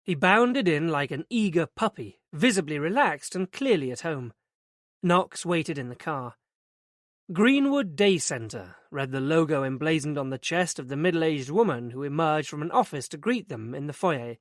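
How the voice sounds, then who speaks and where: A man narrating a mystery audiobook in an even, steady reading voice. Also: a little high, moderate pace, dry recording, studio quality. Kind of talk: scripted narration.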